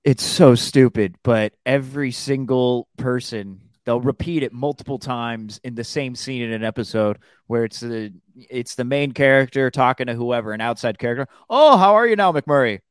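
A man's voice: mid-range voice, fairly even intonation, moderate pace, hardly any pauses, clean tone, no echo, clean studio sound. A man co-hosting a sports podcast, a radio host chatting casually and laughing as he tells stories.

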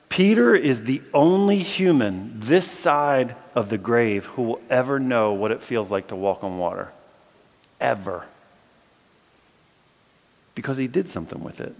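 Lively man preaching in an echoey hall. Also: mid-range voice. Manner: lively storyteller with playful acted asides. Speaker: preacher and philosophy teacher. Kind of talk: conversational sermon with Bible reading. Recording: echoey hall with long reverb.

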